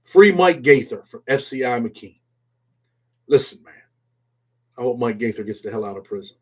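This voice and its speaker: Man, middle-aged, live-stream host, blunt street slang, "man" every phrase, swings from mumbling low to loud bursts. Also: lively intonation, normal speed. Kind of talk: casual live stream chat.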